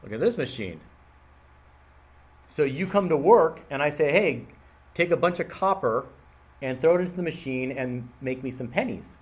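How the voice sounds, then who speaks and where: A man teaching a math lesson, explaining with playful everyday analogies in an animated, casual way, talking straight to his students. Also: a little high, normal speed, pauses often.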